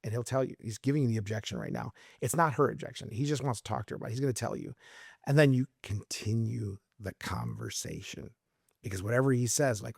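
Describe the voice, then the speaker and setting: This realtor guest, a middle-aged man from Arizona, talks fast in a mid-range voice with vocal fry and a slightly rough edge, captured at studio quality without echo. Chatting casually on a podcast about sales tactics, he animatedly plays out his client calls in lively voices.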